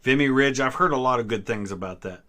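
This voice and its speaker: Male host, 30s, from the US Midwest, bright tone, relaxed trivia-stream chatter. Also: mid-range voice, fast. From Ohio, US Midwest. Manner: relaxed, answers chat questions with small hesitations. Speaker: history channel host. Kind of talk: casual live-stream trivia chat.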